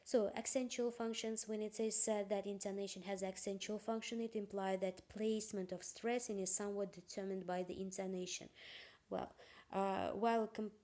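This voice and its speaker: A woman delivers a university phonetics lecture. She talks at a middling pitch and speaks carefully and hesitantly, often filling gaps with "uh" and restarting her phrases. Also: little pitch movement, normal speed, dark tone. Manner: hesitant, many fillers and restarts.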